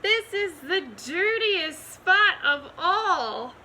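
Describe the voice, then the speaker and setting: A woman's voice: fairly high pitch, sing-song, takes it slowly, pushed and bright, slight background noise, full character voice, low-quality recording. A woman voicing a fussy, tidy farmer's wife who speaks in a prim, exclaiming way.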